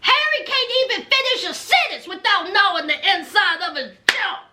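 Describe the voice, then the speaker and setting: A woman's voice: extremely high pitch, big pitch swings, normal speed, sharp tone, a little hiss or hum. A woman, recapping a reality show in a blunt, sassy way to her viewers. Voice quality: thick accent. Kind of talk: casual recap vlog.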